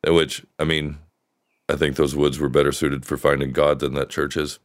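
A man with a very low, deep voice co-hosts a casual podcast, telling rambling childhood stories with a wry edge. He is middle-aged, and the sound is dry and close with no room ring. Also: little pitch movement, moderate pace, no room sound. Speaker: podcast co-host. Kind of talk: casual chat.

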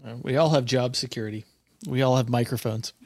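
A man's voice: mid-range voice, steady tone, a little fast, no room sound. A man guest on a podcast, rambling with hesitant restarts and getting exasperated. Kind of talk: casual podcast chat.

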